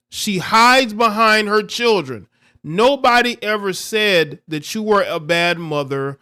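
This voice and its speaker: Male stream commentator, high bright tone, blunt and repetitive. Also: clear, resonant tone. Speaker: livestream commentator. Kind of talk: reaction commentary.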